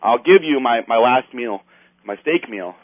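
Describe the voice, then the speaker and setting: At a measured pace and medium pitch, a man spins a story in casual chat, acting out what other people said and swearing freely. He's animated throughout. The audio has no room sound and a tinny phone-line quality.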